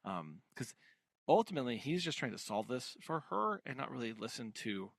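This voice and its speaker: A man's voice: medium pitch, big pitch swings, normal speed, creaky, dry recording. A man co-hosting a podcast, talking through a book with enthusiasm and explaining his points at length. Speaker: podcast co-host. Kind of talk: casual book discussion.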